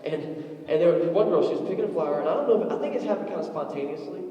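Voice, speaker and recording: Man, young adult, pastor, animated storytelling sermon, high voice, echoey church hall. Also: very fast, recorded from a distance, highs cut off. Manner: animated storytelling with acted-out quotes and jokes. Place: church sanctuary.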